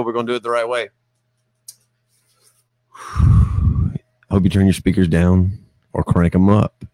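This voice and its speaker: A man's voice: fairly low pitch, fairly even intonation, moderate pace, pauses often, no echo. Upbeat man hosting a livestream. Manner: upbeat and chatty, with frequent ums and uhs. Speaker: livestream show host. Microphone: studio mic with headphones.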